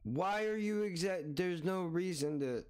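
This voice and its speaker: A man gives a profane reaction commentary, exasperated and mocking, repeating himself as he rants. His voice is smooth and clear, sitting somewhat high for a man. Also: a little slow, darkish tone.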